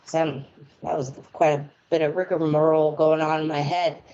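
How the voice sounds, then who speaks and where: A woman's voice: deep voice, little pitch movement, normal speed, mellow, muffled recording. An American woman reading palms on a live stream in a chatty, rambling way, often laughing as she talks. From United States. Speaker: palm reader and tarot reader. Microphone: remote internet connection.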